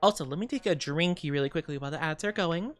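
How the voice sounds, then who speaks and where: A woman's voice: low voice, animated, fast. A young woman streaming casually, chatting with viewers in a bubbly, giggly way with cutesy slang. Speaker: VTuber streamer. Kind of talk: casual live-stream chat, greeting viewers.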